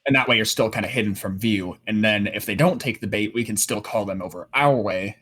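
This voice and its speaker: A man playing a tabletop game, thinking his plan through aloud with many pauses and fillers. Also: on the low side, a bit bright, breathy edge. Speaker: player. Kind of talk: casual tabletop planning talk.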